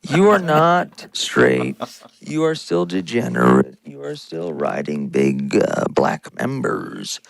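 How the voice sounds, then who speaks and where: A man's voice: very deep voice, very animated, slow pace, dry recording, rough recording. A man hosting a podcast, delivering an angry, insulting political rant with mocking asides. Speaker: podcast host.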